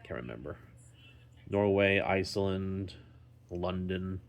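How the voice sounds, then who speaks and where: A man talking casually in a daily vlog, rambling slowly with many ums and restarts while recovering at home and sounding tired. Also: low-pitched, animated, gravelly. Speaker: vlogger.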